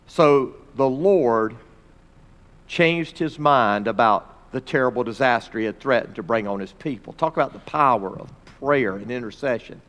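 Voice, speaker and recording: A man teaching a Bible lesson, reading scripture dramatically with pauses and stopping to point out phrases. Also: mid-range voice, fairly bright tone. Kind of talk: expository sermon reading scripture. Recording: long reverb of a large hall.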